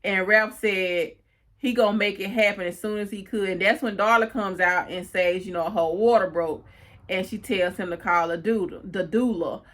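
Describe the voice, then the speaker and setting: A woman talks through a TV episode in a loose, chatty recap. Her voice sits at a middle pitch, and she strings scenes together with a steady run of "you know"s, like she is catching up a friend. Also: normal speed. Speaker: TV recap host.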